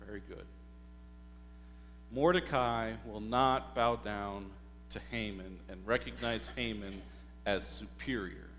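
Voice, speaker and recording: A male pastor preaching a sermon, telling the story slowly and deliberately and putting rhetorical questions to the congregation. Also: on the low side, a bit bright, faint music behind. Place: church sanctuary. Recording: hall reverb with faint mains hum.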